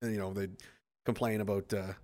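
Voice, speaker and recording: A man's voice: lowish voice, brisk. Rambling, profane man on a podcast. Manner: rambling, profane, animated storytelling with acted quotes. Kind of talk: casual podcast chat.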